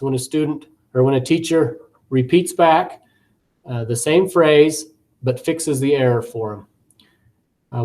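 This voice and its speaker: This is recorded course commentary from a teacher educator whose male voice is fairly high with a darkish tone. He talks conversationally, using frequent fillers and repeated words, and acts out classroom examples.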